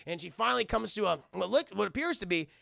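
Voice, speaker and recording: Man, cartoon reviewer, excitable and profane, high voice, dry close sound. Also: fast talker, gravelly, no echo. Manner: excitable, profane, addresses chat. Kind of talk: casual livestream recap to chat.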